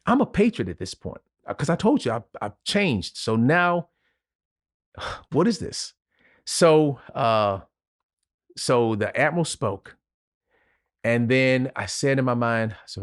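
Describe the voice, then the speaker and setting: The speaker, a Louisiana-born retired Navy officer, recounts a personal story on a podcast in an earnest, emotional way, pausing as he vividly retells it. His medium-pitched voice has a sing-song quality, with clean studio sound and no echo.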